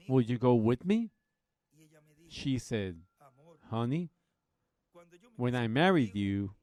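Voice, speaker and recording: A man preaching a Bible study, slowly retelling a story and quoting others in a plain, folksy way. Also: medium pitch, a little mellow.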